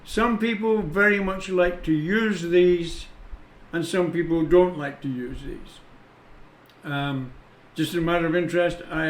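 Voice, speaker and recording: A man teaching English punctuation, patient and deliberate, stopping to spell out each rule. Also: a little high. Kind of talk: explaining punctuation with read-out examples. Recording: echoey room.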